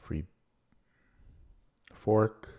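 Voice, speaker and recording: A man streaming chess, thinking aloud in a low-key, muttering way as he works through puzzles and questions his own moves. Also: extremely slow, darkish tone. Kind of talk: casual thinking aloud while solving puzzles.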